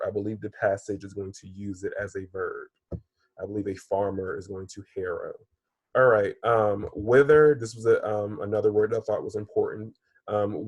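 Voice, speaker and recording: A male elementary teacher walks young pupils through vocabulary in a recorded lesson. His voice sits fairly low and has a husky edge. The sound is close and dry, and he keeps addressing the class as "friends.". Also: dry recording. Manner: patient, often says "friends" and "um". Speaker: third-grade teacher. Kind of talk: recorded online reading lesson.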